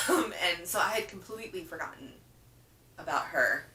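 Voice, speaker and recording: A woman's voice: on the low side, expressive, normal speed, sharp tone. A woman casually chatting through a reading wrap-up, emphatic and repeating words for stress. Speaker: book reviewer. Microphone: camera microphone. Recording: roomy, from a distance with faint hum.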